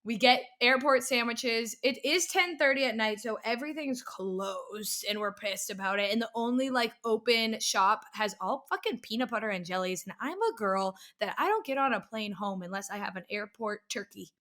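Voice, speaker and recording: A young woman co-hosts a podcast, her voice a little high, talking at a normal speed with few pauses. In casual chat she tells an animated story, swearing freely and acting out what people said.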